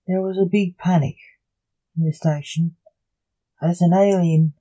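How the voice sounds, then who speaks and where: A narrator reading a dark short story in a slow, deliberate way. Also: mid-range voice, steady tone, low-quality recording.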